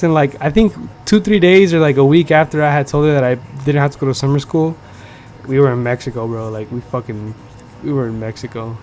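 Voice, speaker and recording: A man's voice: mid-range voice, brisk, darkish tone, faint music behind. A young man from the United States hosting a podcast, telling a casual story in slangy, profane talk full of fillers. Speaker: podcast host. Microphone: streaming setup.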